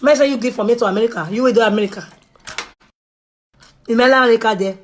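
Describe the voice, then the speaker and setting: A woman's voice: a little high, fast talker. Woman, Nigerian Pidgin English accent, young adult, casual vlog talk, chatty, pleading, faint background noise. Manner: chatty, pleading, swings from hushed to loud. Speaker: vlogger. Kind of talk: casual direct-to-camera talk.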